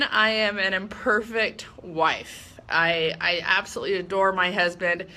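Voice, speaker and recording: A woman's voice: fairly low pitch, fairly even intonation, unhurried, sharp tone. A woman in her thirties giving a heartfelt personal speech, earnest and candid, often poking fun at her own flaws. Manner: earnest, candid, self-deprecating with light laughs. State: emotional at moments. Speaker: speaker giving a personal talk.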